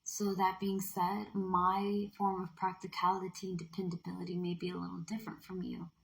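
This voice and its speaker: Playful chatty woman with gravelly voice. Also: on the low side, monotone, normal speed, rough recording. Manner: playful, chatty, with bursts of breathy half-whispering. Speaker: tarot card reader. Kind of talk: casual spoken card reading.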